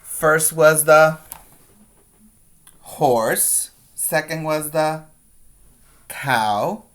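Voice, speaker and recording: Slow, patient man reading to preschoolers. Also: a little high, a bit bright. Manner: slow, patient, pointing out pictures and asking children questions. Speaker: preschool teacher. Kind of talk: reading a picture book aloud to young children.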